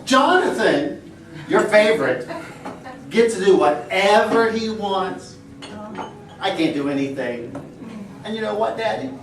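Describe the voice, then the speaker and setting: A man's voice: high voice, big pitch swings, unhurried, long pauses, voice pushed up, full character voice. A man voicing a young daughter whining to her father. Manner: whiny, pleading. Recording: echoey room, far mic.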